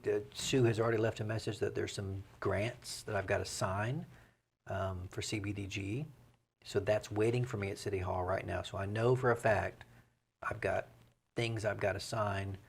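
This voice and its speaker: A man's voice: lowish voice, fairly even intonation, measured pace, vocal fry, husky. A man with a Southern US accent, a mayor speaking as an interview guest in casual, rambling talk with many fillers. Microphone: studio microphone.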